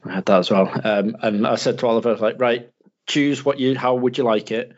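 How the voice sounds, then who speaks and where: A British man in casual chat, telling an animated story and mimicking people in a higher voice. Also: brisk. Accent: British English. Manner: animated, acts out quotes in a higher voice. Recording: slightly dull lo-fi sound.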